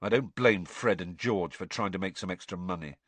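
A man's voice: sits low, brisk, a bit bright, no room sound. A man reading aloud, voicing a resentful, glum teenage boy who mutters sullenly. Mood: sulky.

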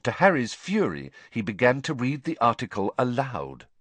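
A man narrating a story in an expressive, measured way. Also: medium pitch, dry recording. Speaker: audiobook narrator.

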